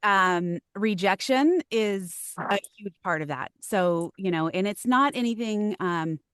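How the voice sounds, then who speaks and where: A woman voice actress, a podcast guest, answering in a thoughtful, hesitant way with many pauses and ums. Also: medium pitch, lively intonation, a bit bright, clear, resonant tone, no room sound, studio quality. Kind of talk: podcast interview.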